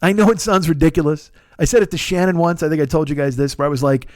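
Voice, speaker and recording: A man's voice: on the high side, fast talker, dry recording, clean studio sound. A man in his forties hosting a podcast, delivering a profane, exasperated comedic rant. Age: 40s. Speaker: podcast host.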